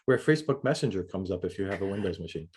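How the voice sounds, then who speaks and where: A man with a lowish voice co-hosts a casual interview chat. He reads listener questions aloud and drops wry, joking asides. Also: lively intonation, racing, darkish tone. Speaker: co-host.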